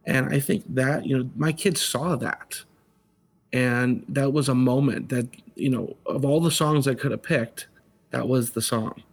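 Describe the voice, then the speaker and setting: A middle-aged man speaking as a guest, earnest and conversational. He keeps restarting his sentences and acts out other people's words as he tells a family story. His pitch sits in an everyday middle range. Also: steady tone, unhurried, vocal fry, husky. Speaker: guest, father. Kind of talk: casual storytelling.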